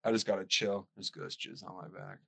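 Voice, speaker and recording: A man co-hosts a loose, joking podcast chat, telling stories and acting out other people's lines. His voice is low and gravelly, with a bright, forceful edge. His pitch swings widely as he talks. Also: fairly quick. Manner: animated storyteller, crude jokes, acts out quotes. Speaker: podcast co-host. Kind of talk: casual chat.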